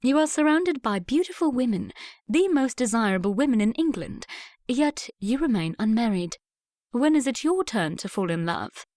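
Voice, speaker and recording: A woman's voice: a little high, big pitch swings, normal speed, a little mellow, no echo, clean studio sound. A woman voicing a spirited young dressmaker who speaks firmly and plainly. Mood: frank. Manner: firm, plain-spoken. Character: young English lady, frank and spirited dressmaker.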